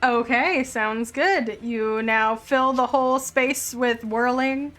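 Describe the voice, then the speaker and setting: Running a tabletop game, a high-voiced woman narrates as game master at a slow pace, her pauses filled with ums. She gets excited in bursts whenever the dice roll well, over soft background music.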